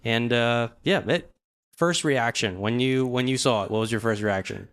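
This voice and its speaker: A man's voice: medium pitch, moderate pace, a bit bright, clean tone. A man co-hosting a casual livestream, rambling with fillers and restarts. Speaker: podcast co-host.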